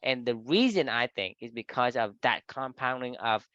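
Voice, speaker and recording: Guy co-hosting, thinks out loud, bright voice, kinda muffled audio. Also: mid-range voice, expressive, moderate pace, no echo. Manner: reflective, explains ideas at length. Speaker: podcast co-host. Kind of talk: casual discussion.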